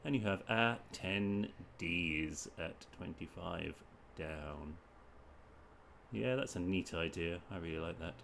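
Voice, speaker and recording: A man's voice: deep voice, takes it slowly, vocal fry, fairly bright tone, slight background noise. A man from the UK, a streamer thinking aloud as he solves crossword clues in short muttered bursts. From United Kingdom. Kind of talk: thinking aloud while solving.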